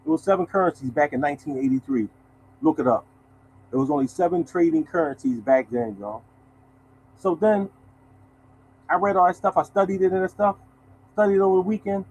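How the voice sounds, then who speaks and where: Chatty older male storyteller, sixties, slang-heavy, a bit high-pitched. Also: fairly quick, long pauses, a little hiss or hum, low-quality recording. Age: 60s. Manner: animated, colloquial, addresses viewers as y'all. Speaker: show host telling a story. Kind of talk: casual storytelling to viewers.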